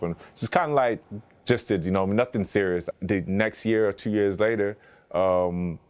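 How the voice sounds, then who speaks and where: A man in his thirties with a very low voice tells stories as a podcast guest, speaking a little fast with a clean tone. In this conversational interview he rambles, restarts often, leans on fillers, and slips into acting out what other people said.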